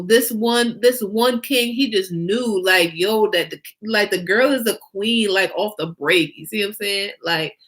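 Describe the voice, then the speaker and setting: Woman vlog host, unhurried, emphatic casual monologue with repeated lines and rhetorical questions. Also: mid-range voice. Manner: emphatic and animated, with many rhetorical questions and fillers. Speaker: fashion designer and vlog host.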